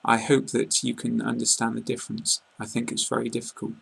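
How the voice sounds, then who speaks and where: A British man giving a casual online pronunciation lesson, speaking slowly and carefully and repeating example words. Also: mid-range voice, monotone, gravelly, fairly bright tone, slightly rough, low-quality recording. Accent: British English. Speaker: English pronunciation teacher.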